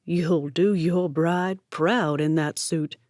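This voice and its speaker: Woman doing a showy drawly tailor guy, loud and slow, way too familiar. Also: deep voice, steady tone, dry recording, clean studio sound. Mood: grandiose. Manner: grandiose, drawling, overly familiar. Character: affected flamboyant tailor man with a drawl.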